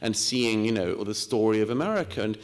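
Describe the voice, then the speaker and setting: A man from Britain giving a measured, storytelling lecture with quoted asides. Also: fairly low pitch, animated, long reverb tail. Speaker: speaker. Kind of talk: lecture talk.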